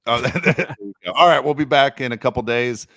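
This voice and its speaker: A man hosting a casual sports podcast, rambling and animated, with mock-complaining asides. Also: medium pitch, brisk, dry recording, studio quality. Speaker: podcast host.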